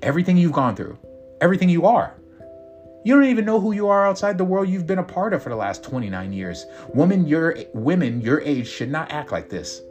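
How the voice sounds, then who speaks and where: A man's voice: medium pitch, moderate pace, a bit bright, close to an everyday voice. A man reading a story voices a troubled, guilt-ridden woman, talking in a pleading, agitated way. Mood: self-scolding. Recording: guitar music behind.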